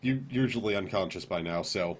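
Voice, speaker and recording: A man's voice: low voice, a little fast, a loud crowd. A man co-hosting a late-night gaming stream, chatting casually, throwing in teasing quips and laughing easily. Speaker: co-host of a gaming talk stream.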